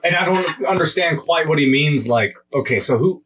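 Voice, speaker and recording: A man's voice: a little high, lively intonation, fairly bright tone. Cautious man, distant from the mic. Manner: measured, cautious, fair-minded. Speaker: podcast co-host. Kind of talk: casual debate chat. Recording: distant mic with faint hum.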